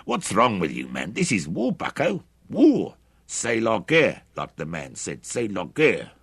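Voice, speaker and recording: A man voicing a crude, defiant male mercenary who talks loud and taunting. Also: on the low side, moderate pace, creaky, dry recording, clean studio sound, voice pushed up. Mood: angry.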